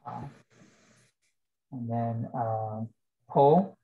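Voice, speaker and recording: Slow, husky man student. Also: medium pitch, phone-quality sound. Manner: slow, hesitant reading.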